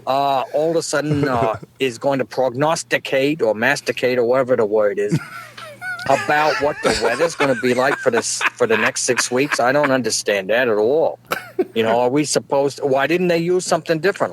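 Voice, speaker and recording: A man's voice: mid-range voice, normal speed, a little hiss or hum. A middle-aged man, delivering a folksy, rambling comedic monologue and chuckling at his own jokes. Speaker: comedic podcast guest.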